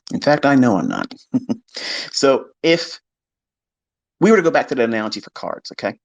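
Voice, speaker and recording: A man's voice: medium pitch, big pitch swings, normal speed, gravelly, pauses often. A man talking to listeners on a live audio stream, blunt and emphatic, swearing freely and mimicking his skeptics. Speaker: trading educator hosting a live audio space. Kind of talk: casual monologue to listeners.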